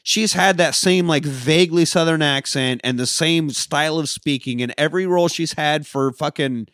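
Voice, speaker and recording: A man's voice: fairly high pitch, normal speed, a bit bright, no echo, studio quality. A man hosting a casual movie-review podcast, talking loosely and swearing and laughing often. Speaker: podcast co-host.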